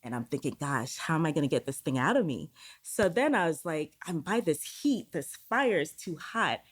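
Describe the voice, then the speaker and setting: Her voice is low, deep and a bit rough, swinging widely in pitch at a normal pace. Appearing on a podcast, she candidly tells a personal story with the odd swear word, voicing the inner thoughts she experienced as quoted speech.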